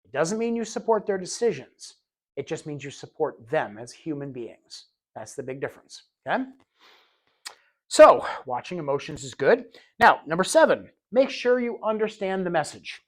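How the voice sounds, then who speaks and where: A man with a slightly high voice leads a recorded training lesson for healthcare aides. His delivery is casual and conversational, full of repeated words as he restarts sentences. He keeps slipping into short acted-out scenes to show what he means. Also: lively intonation, moderate pace. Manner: conversational, acts out little scenes in quoted voices.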